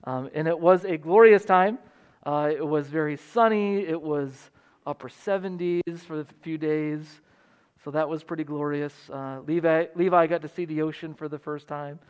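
High-voiced male preacher telling stories. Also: moderate pace, darkish tone, clean tone. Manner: storytelling preacher, acting out quoted voices with laughs. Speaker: pastor. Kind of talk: sermon.

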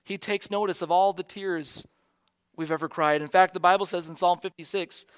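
High-voiced American pastor preaching. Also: male voice, fairly even intonation, normal speed. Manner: earnest preaching, soft repeated emphasis. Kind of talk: sermon.

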